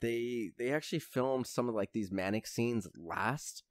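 A podcast co-host chats casually about films, rambling and retelling scenes with plenty of fillers. His mid-range voice moves at an unhurried pace, and the clean studio recording has no room sound.

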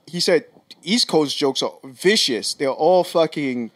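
A man's voice: fairly high pitch, expressive, a little slow, no echo. A man in casual podcast talk, rambling through anecdotes, swearing freely and restarting sentences. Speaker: podcast co-host.

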